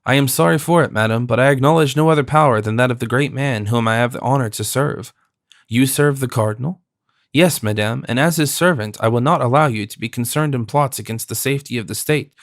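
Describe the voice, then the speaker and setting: A man voicing a cowardly, greedy fifty-year-old mercer in an audiobook, puffed up with pride and quick to panic. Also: mid-range voice, no echo, clean studio sound, natural voice. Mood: pompous. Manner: pompous, then nervous. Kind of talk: audiobook character voice.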